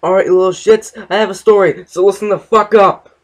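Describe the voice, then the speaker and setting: Loud, foul-mouthed man ranting in high voice. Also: fairly even intonation, fairly quick. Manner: profane, loud, mocking. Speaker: parody voice-over dubber. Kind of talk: crude comedic overdub.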